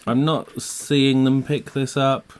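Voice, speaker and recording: A man's voice: mid-range voice, little pitch movement, slow pace, clean tone. A man co-hosting a podcast in casual chat, dry and matter-of-fact. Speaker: podcast co-host.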